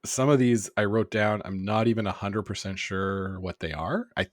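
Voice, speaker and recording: A man co-hosting a podcast in casual chat, stuffed up with a cold and speaking in a relaxed, hesitant way. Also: on the low side, moderate pace, no echo, clean studio sound. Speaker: podcast co-host.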